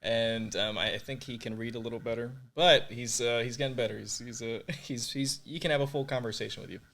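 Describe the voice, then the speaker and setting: A young man tells his faith testimony on a podcast, earnest and openly emotional. He leans on filler words as he goes, speaking at an average pitch. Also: fairly even intonation, fairly quick, a bit bright. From Puerto Rico. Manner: earnest, emotional, many fillers like "like" and "you know". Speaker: podcast guest.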